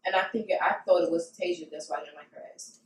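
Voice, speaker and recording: A woman co-hosting a podcast in casual chat, telling personal stories in an expressive, animated way. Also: on the low side, fast talker, a little hiss or hum. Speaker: podcast co-host. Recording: roomy sound, mic at a distance.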